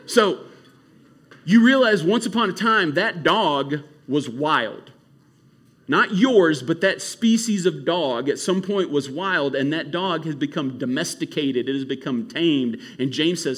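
A man preaching to a youth camp in an animated, casual storytelling way. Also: on the high side, unhurried. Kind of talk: youth sermon.

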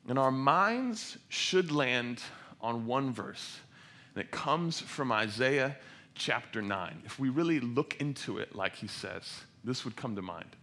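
Male pastor, bright voice, unhurried delivery, passionate sermon that swells and softens. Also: medium pitch, expressive. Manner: passionate, swells loud on scripture quotes then drops soft.

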